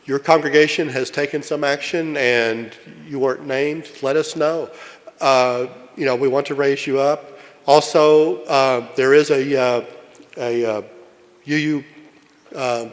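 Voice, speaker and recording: A man from Kentucky presiding at a meeting, reading a long list steadily and speaking off-script with many fillers. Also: medium pitch. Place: large meeting hall. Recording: long hall reverb.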